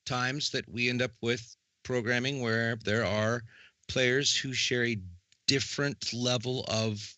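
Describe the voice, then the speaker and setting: A man's voice: mid-range voice, fairly even intonation, slow pace, sharp tone, dry recording. A man co-hosting a casual podcast, joking and rambling with restarts as he talks over plans for streams.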